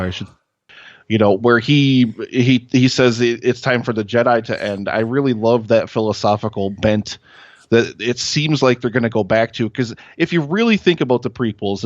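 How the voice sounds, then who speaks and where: A man's voice: medium pitch, dry recording. A man talks through his thoughts with eager earnestness, dropping casual swears along the way. The sound is dry and close, with a slightly muffled, dull quality. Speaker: podcast guest. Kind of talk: casual podcast chat.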